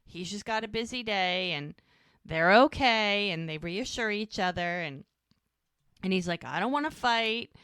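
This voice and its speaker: Bright, crisp-voiced woman recapping episodes. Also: fairly low pitch, a little slow, no echo, studio quality. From United States. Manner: chatty, rambling, quotes characters in lively voices. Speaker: podcast co-host. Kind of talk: casual recap chat.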